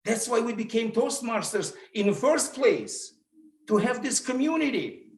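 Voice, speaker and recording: A middle-aged man with a Russian accent giving an animated motivational talk, acting out the voices he quotes. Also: very high voice, measured pace, echoey room. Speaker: motivational speaker. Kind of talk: public speaking talk.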